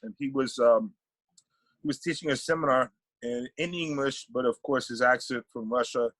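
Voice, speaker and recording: Animated man on a podcast, dry sound. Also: mid-range voice, normal speed, no echo, poor audio. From Panama. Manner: animated, repeats words while thinking. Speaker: podcast guest. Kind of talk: casual interview chat.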